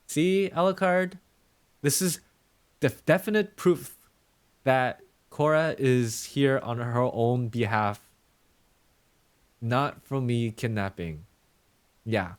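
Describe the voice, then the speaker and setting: A man's voice: medium pitch, lively intonation, takes it slowly, long pauses. A male streamer chatting casually with his viewers, playful and teasing in mock-villain banter.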